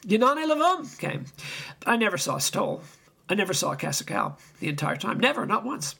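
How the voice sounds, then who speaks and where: An older man preaching, telling stories in an animated and emphatic way, often chuckling. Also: high-pitched, brisk, gravelly, husky. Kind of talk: anecdotal sermon.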